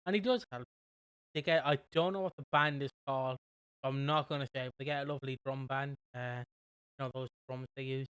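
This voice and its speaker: A young British man co-hosting a podcast, casually recapping a soap with a rambling, animated manner. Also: medium pitch, fairly quick, clear, resonant tone, no echo. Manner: rambling, animated retelling with quoted voices. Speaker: podcast co-host.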